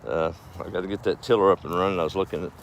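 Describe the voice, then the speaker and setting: Low-voiced farm guy, folksy, chuckles a lot, faint hum behind. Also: steady tone, very fast. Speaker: farm vlogger. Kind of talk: casual storytelling livestream.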